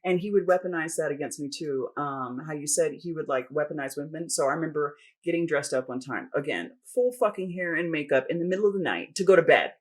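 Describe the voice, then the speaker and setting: A middle-aged woman talking in a casual podcast chat, blunt and full of swearing, speeding up when she gets worked up. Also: deep voice. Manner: blunt, profane and animated, fast bursts. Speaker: podcast guest.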